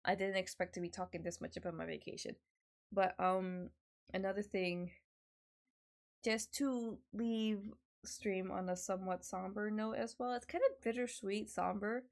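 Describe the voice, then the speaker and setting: A woman's voice: medium pitch, steady tone, moderate pace, vocal fry. A young woman streamer chatting casually at home, swearing a lot and laughing often. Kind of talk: casual chat.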